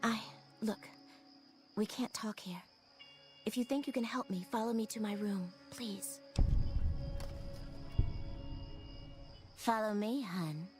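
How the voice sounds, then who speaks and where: A woman voicing a sultry, seductive casino courtesan in a video game, with a breathy voice and drawn-out endearments. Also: mid-range voice, music in the background, lightly acted. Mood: vulnerable. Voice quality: breathy, sexy voice. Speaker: game character.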